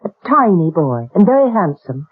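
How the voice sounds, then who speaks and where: An actress playing a practical, matter-of-fact woman in a 1970s radio drama, speaking briskly. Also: on the low side, sing-song, husky. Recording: tinny old radio broadcast.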